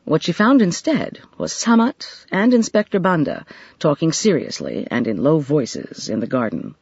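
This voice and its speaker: An audiobook narrator reading a mystery in scripted narration with expressive, varied delivery. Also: medium pitch, normal speed, husky, no echo, lo-fi sound.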